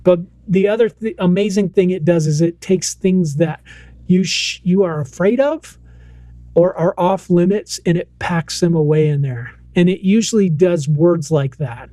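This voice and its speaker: Podcast co-host, man, 30s, higher voice, animated storyteller, dry close sound. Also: normal speed, no echo. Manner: animated storyteller, acts out quotes. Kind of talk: casual podcast chat.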